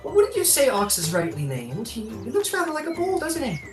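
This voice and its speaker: Man putting on a sunny high-voiced druid woman with floppy ears, lively sing-song lilt, earnest and chatty, distant mic, faint music. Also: fairly quick, roomy sound, heavily acted. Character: gentle cheerful female druid with floppy ears.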